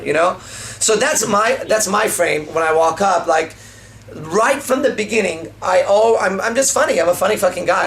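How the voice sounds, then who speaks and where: A man's voice: sits high, creaky, slight background noise. A man coaching on dating in a casual seminar, swearing freely and acting out pickup lines as he explains them. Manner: profane, animated, acts out pickup lines.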